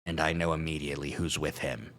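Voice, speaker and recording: Deep-voiced man reading a story aloud. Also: flat delivery, fast talker, a bit bright. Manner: reads narration with asides and chuckles. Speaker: streamer. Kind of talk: reading a visual novel aloud on a live stream.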